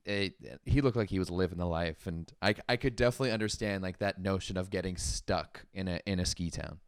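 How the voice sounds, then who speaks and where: A man's voice: deep voice, fairly quick, clean tone, dry recording. Rambling young man, dry close sound. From Canada. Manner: rambling, filler-heavy, animated. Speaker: podcast host. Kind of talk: casual podcast chat.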